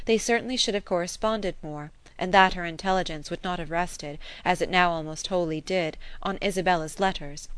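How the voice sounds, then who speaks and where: A woman narrating a classic novel in a measured, even storytelling manner. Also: fairly low pitch, clear, resonant tone, dry recording. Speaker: audiobook reader. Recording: dry close recording.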